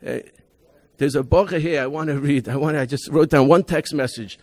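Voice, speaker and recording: A man's voice: on the high side, fairly even intonation, moderate pace, darkish tone. A man, a rabbi, giving a convention talk, telling emphatic stories about his students with many restarts and Hebrew and Yiddish terms. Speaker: rabbi presenting a school program.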